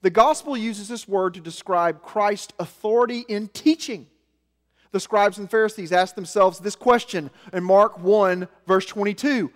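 A man preaching a sermon, with animated delivery that swings between loud emphasis and soft, low asides. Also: unhurried. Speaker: pastor. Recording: long hall reverb.

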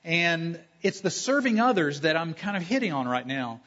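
A fairly high, husky male voice delivering a sermon at a church service. He is emphatic, stacks up long lists and slows down to stress key phrases. The recording is dull and lo-fi. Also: sing-song, a bit bright. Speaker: pastor.

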